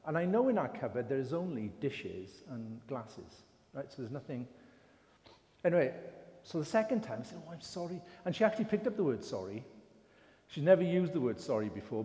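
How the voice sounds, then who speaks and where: A man's voice: medium pitch, lively intonation, fairly quick, warm tone. An older man with an English accent giving an informal sermon, chatty and self-deprecating as he tells a story. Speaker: lay preacher. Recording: reverberant hall.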